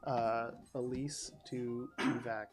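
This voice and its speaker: Slow, halting male tabletop player. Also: mid-range voice, little pitch movement. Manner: hesitant, halting with fillers. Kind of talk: casual tabletop play.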